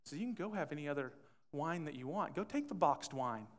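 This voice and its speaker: In a church sanctuary with long hall reverb, a pastor with a fairly high, animated voice delivers a conversational sermon a little quickly. He acts out quotes and poses questions to the congregation.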